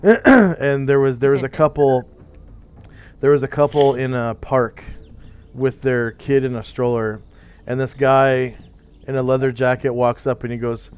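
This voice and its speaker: A man's voice: medium pitch, steady tone, measured pace, clean tone. A man running a tabletop game, telling a long story in a loose, filler-heavy way and explaining rules. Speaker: game master. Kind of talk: casual tabletop game chat.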